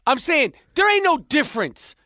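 A man's voice: very high voice, very animated, moderate pace, sharp tone, no room sound, studio quality. A man in casual podcast chat, blunt, often stammering and restarting.

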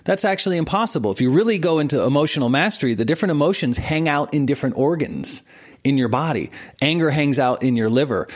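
A man in his forties, a guest on an interview show, teaching with lively examples and frequent laughter. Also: a little high, quick pace. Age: 40s. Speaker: martial arts and meditation teacher, guest. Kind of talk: explanatory interview talk.

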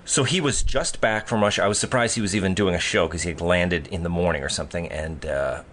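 A man's voice: deep voice, fast talker, a bit bright. A middle-aged man, an author from the Boston area, telling his stories in a casual, rambling way and chuckling now and then. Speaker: author and guest. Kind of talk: casual storytelling.

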